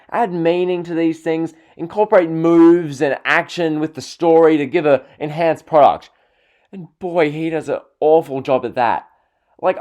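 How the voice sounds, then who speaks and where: A man's voice: a little high, a little mellow. Exasperated man ranting on a vlog. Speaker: wrestling vlogger. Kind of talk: ranting opinion video.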